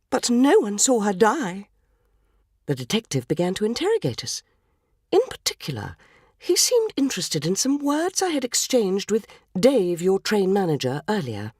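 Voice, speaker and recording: A woman's voice: mid-range voice, a little mellow, no echo. A woman narrating a short story for radio in a wry, arch way, in a studio.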